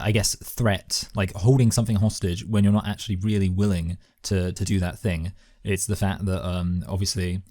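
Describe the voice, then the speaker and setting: A low-voiced man talking quickly as he thinks aloud about a film, tossing in bloody and mate. His voice sits close and dry, with no room sound around it. The chat is loose and informal. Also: warm tone, dry recording. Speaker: podcast co-host. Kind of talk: casual chat.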